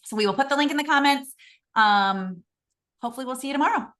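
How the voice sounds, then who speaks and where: A woman hosting a casual sales coaching chat, lively and acting out quoted phrases. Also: high-pitched, quick pace.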